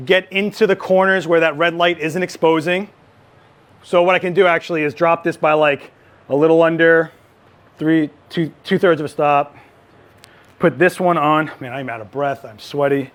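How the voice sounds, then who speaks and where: A man running a live photography lighting demo, chatty and joking, with quick asides. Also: fairly high pitch, fairly even intonation, fairly bright tone. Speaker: photography instructor.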